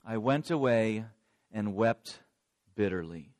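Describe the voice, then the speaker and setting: A man's voice: lowish voice, animated, slow, darkish tone, voice pushed down. A man voicing a remorseful adult male disciple, telling of his denial in a dramatic first-person monologue.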